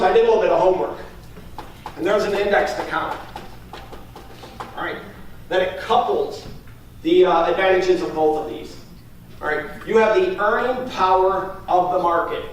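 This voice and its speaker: He's a sales trainer who moves quickly through his talk, staging a role-played pitch to clients and regularly checking "all right?". Faint noise and heavy echo come through, since he's recorded from far across the room.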